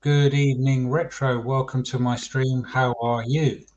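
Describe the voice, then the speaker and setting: A man's voice: medium pitch, flat delivery, unhurried, darkish tone. A man hosting a casual football chat livestream, chatty and calling his viewers mate. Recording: dull lo-fi stream audio.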